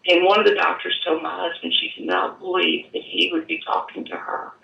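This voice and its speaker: A woman giving an earnest personal testimony, halting and at times choked up, in an echoey room away from the mic. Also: on the low side, creaky, far from the mic, dull audio. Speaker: guest telling her story.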